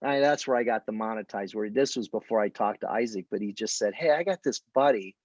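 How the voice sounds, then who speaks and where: In a casual training talk, a man coaches people on presenting a business opportunity, telling stories and acting out conversations. His voice sits on the low side with a darkish tone and a brisk pace. The audio is dull, with no room sound.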